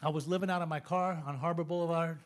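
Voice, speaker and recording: A man in his fifties with a notably high voice gives a recovery testimony. He tells his story with animated, joking energy. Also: fast talker. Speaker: recovery speaker.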